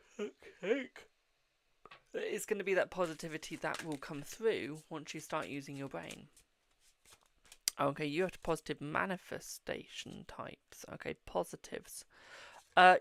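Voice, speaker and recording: British tarot reader, gravelly voice, tired and yawning, blunt but reassuring, live-stream reading. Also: mid-range voice, fairly bright tone, no room sound. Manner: reassuring yet blunt, repeats "okay, my darling".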